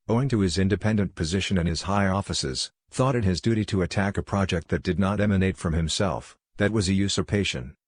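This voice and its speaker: A man reads a novel aloud in a steady, measured audiobook delivery. His voice is low and deep. The recording is dry and close, with no room around it. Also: husky, dry recording. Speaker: audiobook narrator. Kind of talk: scripted audiobook narration.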